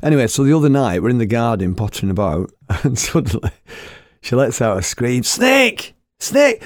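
A man's voice: mid-range voice, brisk, a little mellow, no echo, studio quality. A man, a former radio host, telling rambling, chatty anecdotes and laughing at his own tales. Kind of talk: casual anecdotal storytelling.

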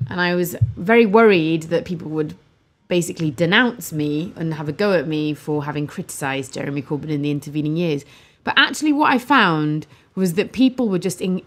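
Chatty, enthusiastic woman podcaster. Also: fairly low pitch. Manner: chatty and enthusiastic, with fillers and restarts. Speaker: podcast co-host. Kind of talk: casual political chat.

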